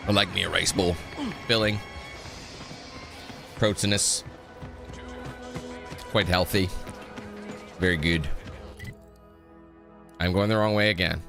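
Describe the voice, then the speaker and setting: A man's voice: sits low, fairly even intonation, slow, creaky, long pauses, over music. A man giving casual, rambling commentary while playing a video game, often correcting himself mid-sentence. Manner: chatty, rambling, self-correcting. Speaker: gaming YouTuber.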